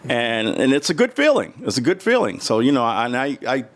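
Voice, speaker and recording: Fairly quick and mid-range, this middle-aged man from the United States is a guest in a relaxed interview. His storytelling is full of restarts, and he brings the characters alive by performing their voices.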